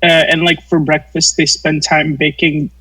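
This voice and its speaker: A man co-hosting a casual tabletop gaming podcast, talking haltingly with many fillers and casual swearing. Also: fairly high pitch, level tone, sharp tone, breathy edge, low-quality recording. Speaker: podcast co-host. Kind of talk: casual chat among friends.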